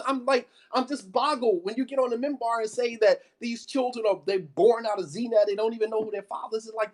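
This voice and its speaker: A man giving an impassioned sermon, firing off rhetorical questions and repeating phrases for emphasis. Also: extremely high pitch. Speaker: preacher.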